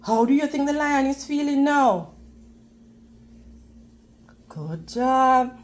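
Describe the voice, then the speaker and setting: Woman storybook reader for children; high, unhurried, encouraging. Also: lively intonation. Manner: slow, clear, encouraging questions to children. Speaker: children's read-aloud narrator. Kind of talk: storybook read-aloud for children.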